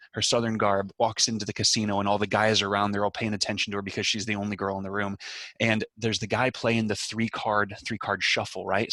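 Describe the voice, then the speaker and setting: Low-voiced man, financial planner presenting. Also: no room sound. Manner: storytelling, energetic. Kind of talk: webinar presentation. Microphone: video call.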